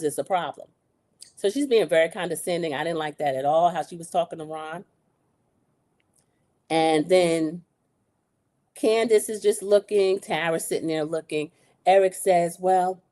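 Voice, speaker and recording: A woman's voice: fairly low pitch, mellow. A woman hosting a casual recap, retelling scenes with quoted dialogue and blunt opinions. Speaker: show recap host.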